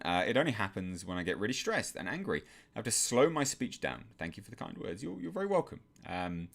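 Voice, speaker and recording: Reading out messages from viewers on his live stream, a young man from England replies calmly and with measure, his voice fairly low in pitch.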